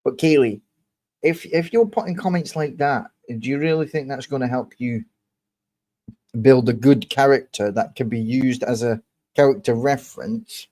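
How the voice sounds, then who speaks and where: In a warm, mid-range voice, a young livestream host delivers a heated rant, swearing angrily and confronting a commenter.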